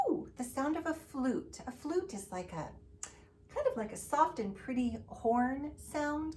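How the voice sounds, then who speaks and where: A preschool teacher with a high, bright voice reads a picture book aloud to small children. She takes her time, stretching the words in a sing-song, animated way. She keeps coaxing her young listeners to join in. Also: a little slow.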